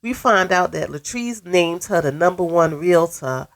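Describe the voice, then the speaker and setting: A woman gives a casual, opinionated recap of a reality show, sounding stuffy from a cold. Her voice sits on the low side and her delivery is blunt and sassy, full of pointed asides. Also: expressive, unhurried. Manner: sassy, blunt commentary with "okay?" tags. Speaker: recap vlogger.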